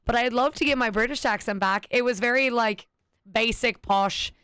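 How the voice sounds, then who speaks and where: A woman's voice: fairly high pitch, normal speed, fairly bright tone, clean tone, dry recording, studio quality. A woman streaming a game, chatting casually with self-deprecating jokes. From United States. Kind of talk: casual live-stream chat.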